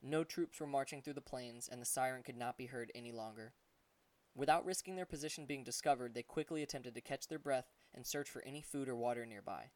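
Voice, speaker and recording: A man reading an adventure audiobook, telling the story at a steady pace and voicing the characters. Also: medium pitch, fairly quick, no room sound, far from the mic. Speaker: audiobook narrator.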